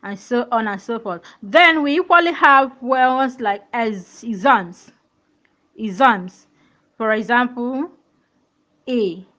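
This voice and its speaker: A woman's voice: a little high, slow pace, bright, forceful tone, dull audio. A woman teaching a pronunciation lesson, repeating words and checking that learners follow. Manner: repetitive, checks understanding with questions.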